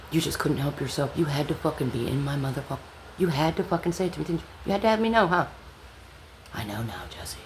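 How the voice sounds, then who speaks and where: A woman telling an angry personal story in a blunt, profane vlog monologue that sometimes drops to a low whisper. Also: expressive, quick pace. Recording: echoey room with faint background hum.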